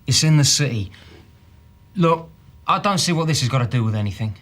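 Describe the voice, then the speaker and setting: A man's voice: mid-range voice, expressive, brisk, a bit bright, natural voice. An actor playing an evasive male city trader with a Cockney accent, a suspect answering police questions defensively.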